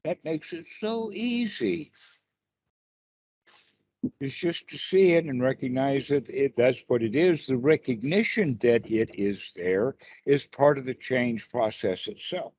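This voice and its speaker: A man with a husky, breathy voice explains meditation in an unhurried, deliberate way. He talks over a video call in a dry, close sound with no room echo. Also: medium pitch, expressive, darkish tone. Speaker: meditation teacher. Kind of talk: casual dharma chat on a call.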